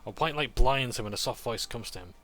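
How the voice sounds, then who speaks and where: A man's voice: medium pitch, animated, fairly quick, a bit bright. A man recapping a tabletop game session as game master, narrating events and dice rolls.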